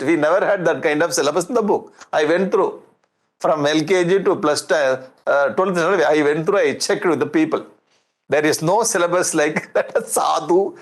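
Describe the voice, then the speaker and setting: A man playing a flustered schoolteacher. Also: high voice. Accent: Indian English. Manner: pleading, chuckling. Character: defensive male schoolteacher.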